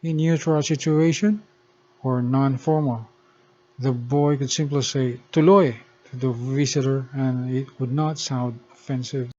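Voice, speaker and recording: A man talks through a language lesson in a measured, instructive way, taking each word very slowly. His pitch sits in an ordinary middle range. The recording is muffled and lo-fi. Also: fairly even intonation, warm tone. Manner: slow, careful explaining of pronunciation. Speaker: language teacher. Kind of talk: scripted lesson narration. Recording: dull lo-fi recording.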